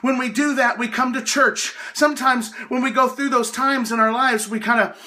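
A man, a hospice chaplain, preaching a devotional sermon in an earnest, emotional way and raising his voice as he gets excited. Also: very high voice, normal speed.

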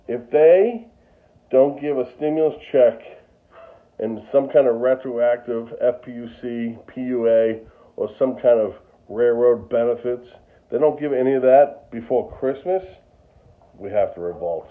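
A man's voice: medium pitch, unhurried. Goofy man ranting over tinny sound. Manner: goofy, jokey, turns to angry political ranting. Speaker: home cooking vlogger. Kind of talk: casual cooking chat and rant. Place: home kitchen.

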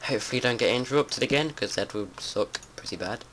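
A man giving casual let's-play commentary, chatty and prone to swearing and panicked yelling. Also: medium pitch, lively intonation, fairly quick. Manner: chatty, swears a lot, panics and yells when startled. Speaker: gameplay commentator. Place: home room with window open. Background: faint outdoor noise and keyboard typing.

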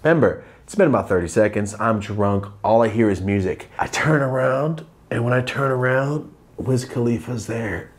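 Male vlogger, mid-pitched, profane and animated storyteller who acts out the quotes. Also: normal speed. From Los Angeles, living there now. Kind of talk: casual storytelling vlog.

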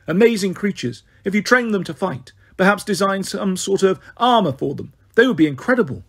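A man's voice: sits high, lively intonation, fairly quick, creaky, slightly rough, full character voice. A man voicing a whiny spoiled young prince. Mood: complaining. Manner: petulant, complaining. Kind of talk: audiobook character voice.

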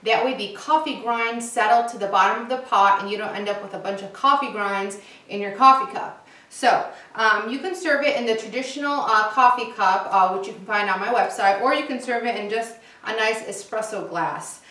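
Chatty woman, bright echoey kitchen. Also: fairly high pitch, moderate pace. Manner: chatty, relaxed, with frequent "uh" and "um" fillers. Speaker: cooking show host. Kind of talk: casual cooking demonstration.

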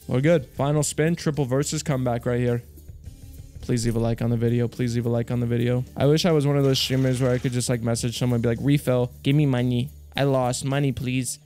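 A young man giving hyped, profane commentary over a slot game, jumping between mutters and loud yells. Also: mid-range voice, level tone, fast, soft background music. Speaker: slots streamer.

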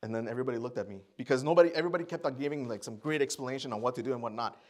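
A man's voice: medium pitch, rapid-fire, a little mellow. A man giving a personal testimony sermon to a church congregation. He talks conversationally and acts out his own thoughts and other people's lines. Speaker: guest speaker at church.

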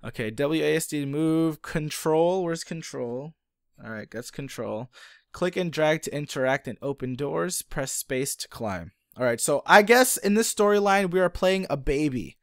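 A man playing a horror video game and commenting, excitable and quick to freak out. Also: on the high side, clean tone, dry recording, clean studio sound. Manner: excitable, easily startled, chatty. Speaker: gaming youtuber. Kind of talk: let's play commentary.

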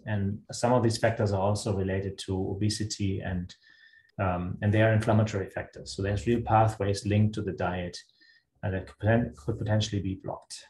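Low-voiced German-accented man, echoey room. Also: darkish tone. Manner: measured, explanatory, thinks aloud. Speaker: guest lecturer answering questions. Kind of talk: webinar Q&A answer. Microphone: video call. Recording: echoey room with faint noise.

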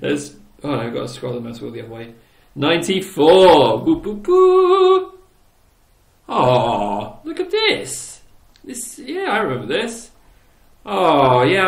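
A man hosting a casual gaming channel, giggling and teasing his old builds with playful exclamations. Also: fairly high pitch. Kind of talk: casual gameplay commentary. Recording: roomy echo.

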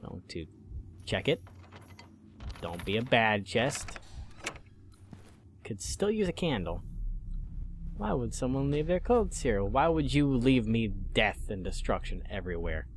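Jittery swearing man, lively pitch. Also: a little slow, pauses often, a little hiss or hum. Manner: jumpy, swearing, talks to the game. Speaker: gaming YouTuber. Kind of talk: horror game let's play commentary.

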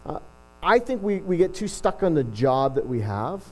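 Middle-aged male pastor, relaxed storytelling sermon, light voice, faint electrical hum. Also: on the high side, moderate pace, poor audio. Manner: chatty, self-deprecating, frequent restarts. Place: church.

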